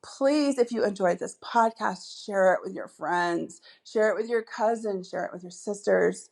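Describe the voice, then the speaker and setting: A woman's voice: medium pitch, measured pace, gravelly, darkish tone. A woman hosting a solo podcast as a dating coach, chatty and upbeat, with many asides and fillers.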